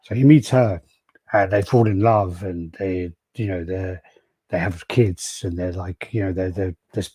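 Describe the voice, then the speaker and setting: A man's voice: deep voice, fairly even intonation, a little slow, mellow, breathy edge, no echo. A man hosting a casual podcast, rambling through stories, acting out quotes and swearing freely. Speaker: podcast host. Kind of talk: casual chat.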